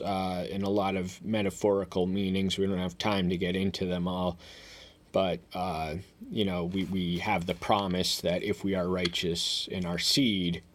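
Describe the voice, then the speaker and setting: A man giving verse-by-verse Bible commentary, talking in a halting way with many fillers and restarts, and reading each verse aloud in a raised voice. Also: deep voice. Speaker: Bible teacher.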